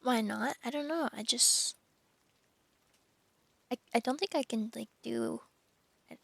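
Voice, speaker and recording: Creaky-voiced woman reading aloud. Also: on the high side, unhurried, pauses often, a bit bright, no echo. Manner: casual, self-deprecating asides. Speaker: streamer. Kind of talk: reading a book aloud on a livestream.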